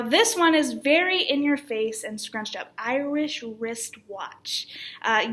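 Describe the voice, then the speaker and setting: A woman teaching acting on camera, her voice sitting fairly high for a woman. She speaks slowly and shapes each word with deliberate care. Her manner stays encouraging throughout. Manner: clear, deliberately articulated speech; encouraging instructor. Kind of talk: online acting lesson.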